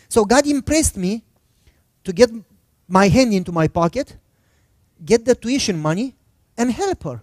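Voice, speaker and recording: A man's voice: high-pitched, animated, a little slow, long pauses, no room sound, clean studio sound. A middle-aged male pastor preaching a sermon, telling a personal story in a conversational way and acting out the dialogue. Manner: conversational, acts out quoted dialogue.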